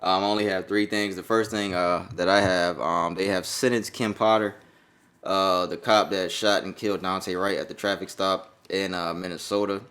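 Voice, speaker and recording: A deep-voiced American man, low in pitch for a man, co-hosting a laid-back podcast. He rambles easily through the news with plenty of ums and uhs, in an unhurried, conversational way. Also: steady tone, a bit bright. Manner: loose, rambling delivery with many fillers. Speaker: podcast co-host. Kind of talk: casual podcast chat.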